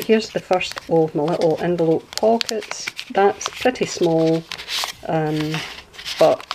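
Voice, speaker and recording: Scottish woman, deep voice, chatty craft walkthrough, rambling asides, faint hiss behind. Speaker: craft channel host. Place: at home indoors.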